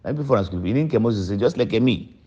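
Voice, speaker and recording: Older man, Sierra Leonean accent, mellow voice, emphatic public address, dull lo-fi recording. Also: expressive, fast talker, slightly rough. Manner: emphatic, repeats points with sudden pitch jumps. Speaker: politician. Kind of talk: public address mixing English and Krio.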